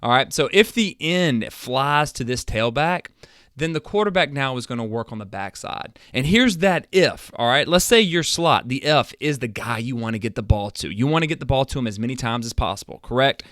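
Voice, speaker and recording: A man coaching football, explaining plays in an energetic, emphatic chalk-talk that builds toward near-yelling while he sits at a webcam. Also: mid-range voice, normal speed, dry recording, studio quality. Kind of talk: chalk-talk lesson on a live stream. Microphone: seated at a webcam.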